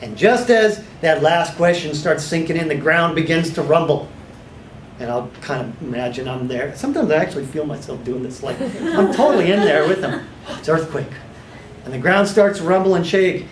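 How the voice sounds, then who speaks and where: A man teaching a small class of hypnotherapy students, sometimes slipping into a slow, authoritative guided-imagery voice. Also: a little high, animated, slight background noise. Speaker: hypnotherapy trainer. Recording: echoey room.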